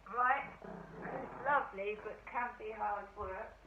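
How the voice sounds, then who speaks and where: A hoarse middle-aged woman chatting casually to her vlog camera at home, telling a rambling story. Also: mid-range voice, slow. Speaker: vlogger. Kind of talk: casual diary-style chat. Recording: echoey room, distant mic, dull sound, faint hiss.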